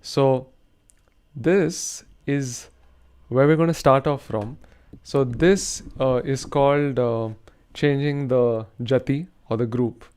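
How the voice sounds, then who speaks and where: Guy teaching rhythm, slow and careful, smooth clear voice, counts out syllables. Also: mid-range voice, darkish tone. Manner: slow, careful, recites konnakol syllables in time. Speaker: rhythm teacher, show host. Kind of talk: instructional explanation with spoken rhythm syllables.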